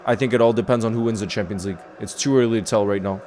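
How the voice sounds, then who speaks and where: A man's voice: mid-range voice, quick pace, few pauses. Chatty man hosting a football watchalong. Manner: chatty, reads out viewer comments, talks to his pet. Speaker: football livestream host. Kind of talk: casual live watchalong commentary.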